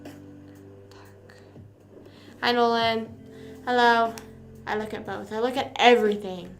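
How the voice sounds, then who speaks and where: High-voiced woman chatting on a livestream. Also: fairly even intonation, moderate pace. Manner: chatty, reads rhymes aloud to chat, sings snippets. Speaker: livestream host. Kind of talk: casual livestream chat. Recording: music playing behind her voice.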